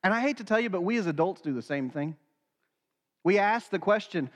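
High-voiced preacher in a reverberant hall. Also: male voice, lively intonation, a little fast. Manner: earnest, acts out quoted dialogue. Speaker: pastor. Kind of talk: sermon.

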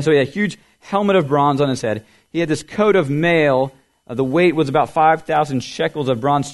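A middle-aged male pastor with a fairly high voice preaches a sermon, explaining things clearly and quizzing the children with riddles.

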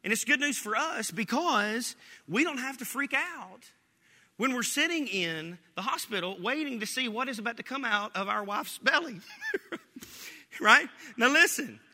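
Joking preacher guy, pretty high voice, really bright, lots of laughing, big echoey church. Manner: animated, joking, laughs often. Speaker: pastor. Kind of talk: sermon.

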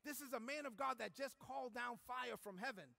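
A man preaching a sermon as pastor, telling a story with animated energy and frequent shouting. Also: extremely high pitch, fairly quick, gravelly, long reverb tail.

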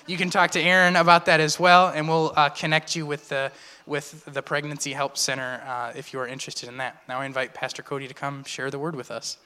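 A man giving church announcements as a pastor, halting and full of fillers. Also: a little high, level tone, sharp tone, smooth. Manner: halting, filler-heavy delivery. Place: church sanctuary. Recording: long church reverb.

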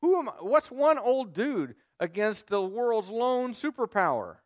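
A man's voice: sits high, very animated, normal speed, voice pushed up. A male preacher voicing Moses as an incredulous old shepherd who protests and doubts, in a sermon retelling. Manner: disbelieving, protesting, rising exclamations.

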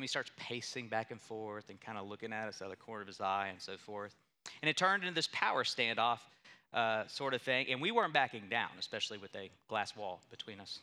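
A man's voice: medium pitch, pushed and bright. A young adult male pastor preaching a sermon, telling a story with emphatic, building intensity.

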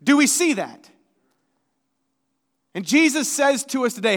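A male pastor preaching a sermon in a church, talking conversationally and moving between hushed and emphatic delivery. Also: very high voice, big pitch swings, measured pace, long pauses. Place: church sanctuary. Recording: long reverb of a church sanctuary.

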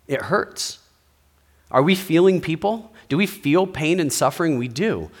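A man's voice: on the high side, lively intonation, moderate pace. A pastor giving a sermon, speaking in a conversational way and asking his listeners rhetorical questions.

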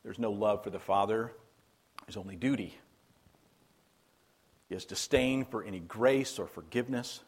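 A man's voice: on the low side, moderate pace, long pauses, slightly rough. A man preaching a sermon as a pastor, in a conversational, emphatic way that repeats key phrases for weight.

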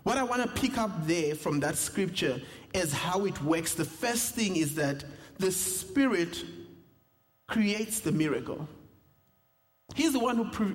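A young South African man, a pastor, preaching a sermon with humor and personal stories. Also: high voice. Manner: storytelling with humor, animated asides. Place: church sanctuary. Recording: reverberant church hall.

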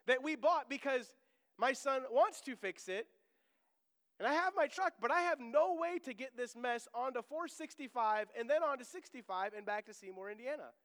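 A middle-aged pastor preaches in a church sanctuary, chatty and joking with humorous asides, then breaks into emphatic proclamations. His voice is extremely high and a bit bright. The recording carries a long church reverb.

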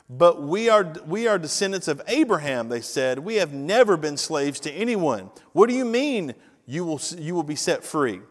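Male pastor, sermon, slow emphatic scripture reading, call-and-response prompts, slightly high voice. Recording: long hall reverb.

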